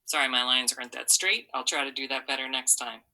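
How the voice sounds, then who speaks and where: A woman teaching a phonics lesson with an unusually deep voice and a sharp, bright edge to it. She walks students through each step patiently and models every sound for them to repeat. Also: steady tone, quick pace, low-quality recording.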